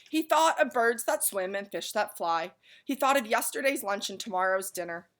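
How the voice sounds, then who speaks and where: Woman reading a chapter book aloud for kids, animated with lively pitch swings, bright clear tone, chatty asides. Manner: animated, stops for friendly asides to listeners. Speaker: story reader. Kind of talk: children's book read-aloud.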